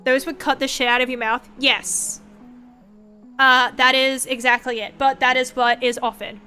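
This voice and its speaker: A woman's voice: high-pitched, normal speed, soft background music. A young woman streaming, chatting casually and swearing a lot as she rambles through stories. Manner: sweary, rambling, animated storytelling. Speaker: vtuber streamer.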